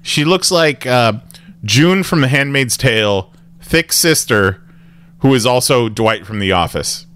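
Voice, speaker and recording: A man's voice: medium pitch, expressive, measured pace, a bit bright, clean tone. A man hosting a podcast in casual chat, rambling with restarts and laughing often. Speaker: podcast host.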